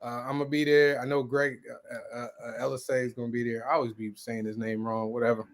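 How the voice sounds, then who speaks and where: A man joining a live talk stream as a panel guest, quick and joking in the banter. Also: medium pitch, flat delivery. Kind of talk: casual chat.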